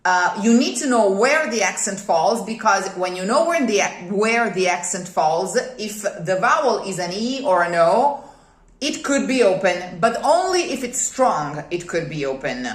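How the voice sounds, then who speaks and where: A woman's voice: medium pitch, expressive, unhurried. A woman with an Italian accent, a native Italian speaker, teaching singers Italian diction in a methodical way, repeating key points and checking in with "okay?". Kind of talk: one-on-one teaching explanation. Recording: roomy echo.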